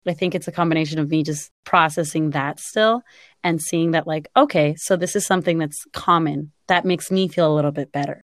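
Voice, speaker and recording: A woman's voice: low voice, steady tone, fairly quick, dry recording, studio quality. A woman talking casually and candidly, reflecting on her own experience and acting out her past reactions. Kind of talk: casual conversation.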